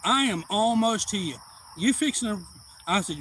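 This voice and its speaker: Man hosting a live stream, rambling yarn, a bit high-pitched. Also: animated, normal speed, a little hiss or hum, poor audio. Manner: rambling, acts out quoted voices loudly. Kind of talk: casual storytelling.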